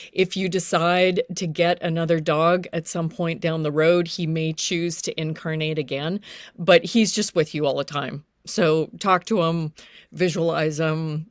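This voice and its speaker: A chatty woman with a fairly low voice gives psychic readings on a live panel, filling gaps with ums and laughing easily. Her sound is dry and close. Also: dry recording.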